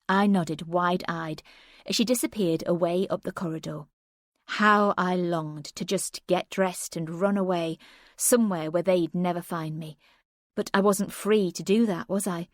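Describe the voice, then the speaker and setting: Low-voiced woman narrating an audiobook. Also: steady tone, measured pace, no echo, clean studio sound. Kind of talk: first-person audiobook narration.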